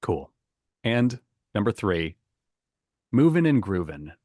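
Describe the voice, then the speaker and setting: Chatty low-voiced man hosting a quiz. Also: big pitch swings, slow, darkish tone, no echo, studio quality. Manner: chatty, laughs easily, reads out options. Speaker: quiz host. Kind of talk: casual podcast quiz hosting.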